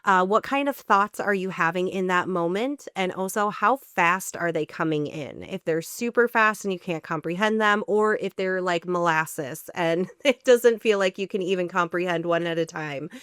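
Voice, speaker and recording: A woman's voice: lowish voice, normal speed, hardly any pauses, a bit bright, clear, resonant tone, no room sound, clean studio sound. A woman parenting coach, a guest on a podcast interview, explaining her method step by step. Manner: explanatory, lays out steps in order.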